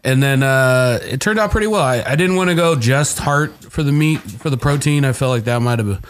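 A man's voice: mid-range voice, fairly quick. A man hosting a podcast, explaining the dishes he cooked in an easygoing, rambling way. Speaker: podcast host and cook. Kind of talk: relaxed podcast chat.

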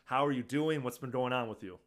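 A man hosting a casual podcast chat over a video call, easygoing and quick to laugh. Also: medium pitch, a bit bright. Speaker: podcast host.

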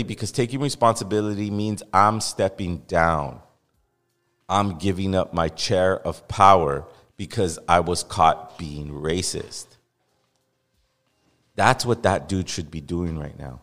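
A Los Angeles podcast host with a low voice delivers blunt, heated, opinionated commentary at a measured pace, hammering points through repetition. The recording carries a long reverb tail.

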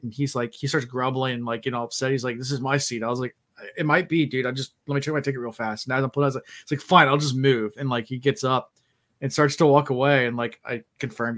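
A man chats casually on a podcast, sounding tired after a late night. His voice sits at an ordinary pitch. He wanders through his stories, stopping often with "um" and "like". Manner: rambling storyteller, many fillers. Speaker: podcast host. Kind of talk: casual chat.

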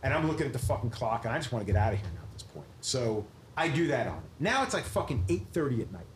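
A man's voice: mid-range voice, very animated, quick pace. A man telling a profane story on a podcast, acting out quotes and swearing constantly. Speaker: tattoo artist telling a story. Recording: roomy echo with faint noise.

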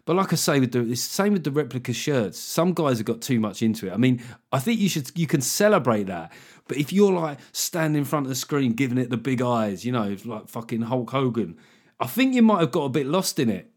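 A man's voice: mid-range voice, big pitch swings, fairly quick. Wry, rambling man. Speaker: podcast host. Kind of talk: solo comedy podcast monologue.

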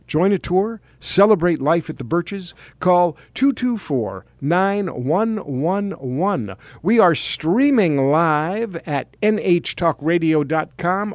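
A man's voice: fairly high pitch, dry recording. Playful male talk radio host. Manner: brisk, playful, ad-reading.

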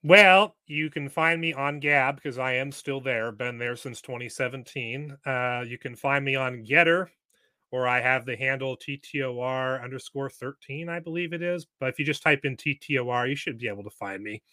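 A man's voice: mid-range voice, moderate pace, sharp tone, no room sound. A man speaking as a podcast guest in an emphatic, lecturing way. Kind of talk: casual interview chat.

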